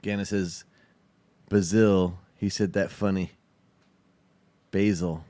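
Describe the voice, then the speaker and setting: A man's voice: fairly low pitch, a little slow, darkish tone, dry recording. Laid-back, profane male stream host. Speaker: show host. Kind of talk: casual livestream chat reacting to a video.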